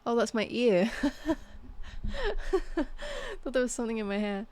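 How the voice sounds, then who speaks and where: A woman's voice: on the high side, steady tone, measured pace, a little mellow, clear, resonant tone. A woman live streamer chatting casually to her viewers, rambling and trailing off with fillers.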